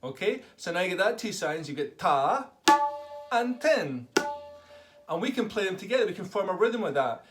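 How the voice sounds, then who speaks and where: A man's voice: high voice, sing-song, moderate pace, loud music behind the voice. Enthusiastic man teaching tabla. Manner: enthusiastic, calls out drum syllables for children to repeat. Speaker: tabla tutor. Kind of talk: online music lesson for children.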